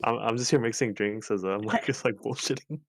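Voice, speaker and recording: A man's voice: mid-range voice, brisk, creaky, no echo. A man co-hosting a podcast, joking in laid-back, chuckling asides. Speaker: podcast co-host. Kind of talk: casual podcast chat.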